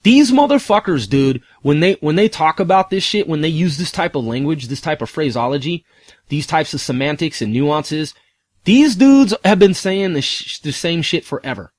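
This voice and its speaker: A man with a high-pitched voice rants casually and profanely, peppering his talk with rhetorical questions. The sound is dry and close, with no room echo. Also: sing-song, normal speed. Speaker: commentator. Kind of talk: casual ranting commentary.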